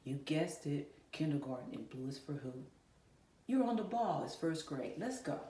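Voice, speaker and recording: A woman teacher with a low, mellow voice and big pitch swings speaks at a moderate pace, giving a virtual lesson to kindergarten and first graders. She encourages the children and asks them questions directly, from an echoey classroom with her voice a bit far from the mic.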